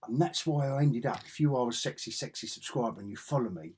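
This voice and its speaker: A man's voice: medium pitch, fast, a little mellow, husky. A middle-aged man vlogging a casual, rambling comic book review in a chatty, self-interrupting way.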